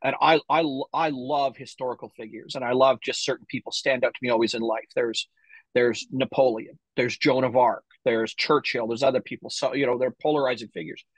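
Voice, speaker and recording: A man hosting a podcast interview in a husky, breathy voice, talking in an energetic, slangy way. He sounds a little tired. The sound is dry and close, with no room echo. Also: mid-range voice, brisk. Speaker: podcast host. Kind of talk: casual interview.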